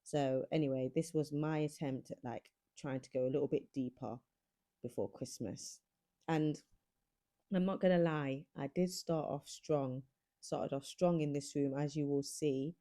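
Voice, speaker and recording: Young woman, mum-of-three vlogger, casual chat, low voice, warm dark tone. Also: measured pace. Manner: chatty, self-deprecating, lots of ums.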